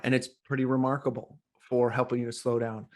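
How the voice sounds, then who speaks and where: Middle-aged man, podcast guest, animated storytelling, plays out quoted voices. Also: mid-range voice, fairly quick. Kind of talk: casual storytelling interview.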